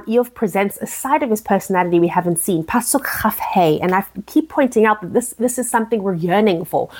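Woman teacher, mid-pitched, earnest text-study lesson, reads lines then explains, lots of restarts.

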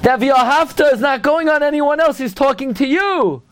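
Over slight background noise, a high-voiced rabbi tells a story in a lively Torah lecture, keeping a moderate pace with few pauses. His delivery is emphatic, he challenges listeners with pointed rhetorical questions, and he blends Hebrew and Yiddish words into his English.

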